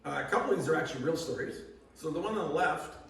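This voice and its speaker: A man's voice: on the high side, animated, fast, gravelly, fairly bright tone, a little hiss or hum. A man giving a sermon as pastor, in a conversational way that asks the congregation questions. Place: church hall. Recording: echoey church hall from far off.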